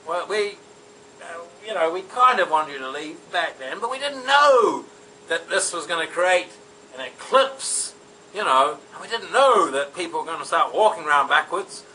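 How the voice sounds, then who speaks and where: A comedic storyteller rambles through an absurd mock-history tale, full of ums and asides. His voice is on the high side, lively in intonation and sharp in tone at a moderate pace, picked up by a distant mic with faint background noise.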